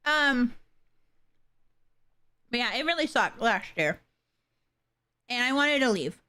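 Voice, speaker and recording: A young adult woman chatting casually with her livestream viewers, halting and soft-spoken, with many fillers and pauses. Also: a little high, very animated. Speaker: streamer.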